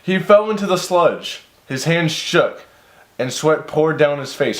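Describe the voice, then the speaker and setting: A man's voice: a little high, animated, slow pace, roomy sound. Rambling man reading a story aloud. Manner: stumbles over words, sidetracked, exasperated asides. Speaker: story reviewer.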